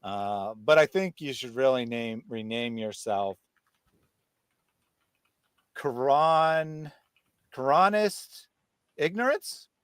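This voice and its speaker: A man's voice: mid-range voice, expressive, measured pace, hardly any pauses, clean tone, no room sound. A man hosting a live stream and reading out viewer comments, mocking and combative. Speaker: host.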